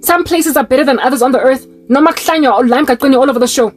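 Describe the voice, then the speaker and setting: A young South African woman with a South African accent speaks in a high, bright register. She preaches with fervor, piling up rhetorical questions and slipping local-language phrases into an impassioned personal monologue. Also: rapid-fire, soft background music. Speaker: Christian online preacher.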